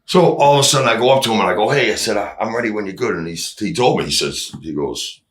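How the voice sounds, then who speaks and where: A man, a drummer guest, telling stories in casual chat, animated, acting out what people said and swearing freely. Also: lowish voice, fast, roomy sound. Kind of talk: casual storytelling.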